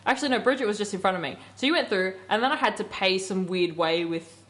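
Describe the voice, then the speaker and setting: A woman's voice: medium pitch, quick pace, a bit bright. A young woman co-hosting a casual radio chat show, telling a story animatedly and laughing often.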